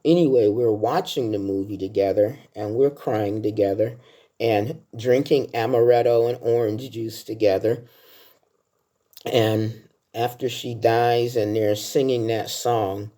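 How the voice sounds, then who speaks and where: Her pitch is extremely low and her intonation fairly even, delivered unhurriedly with a warm tone. She's a film vlogger in her sixties talking through a countdown of beloved films, chatty and full of heartfelt anecdotes.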